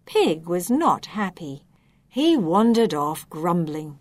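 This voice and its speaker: A woman reads a children's story aloud, slow and clearly enunciated. Her lowish voice rises and falls with lively expression. The sound is dry and close. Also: dry recording.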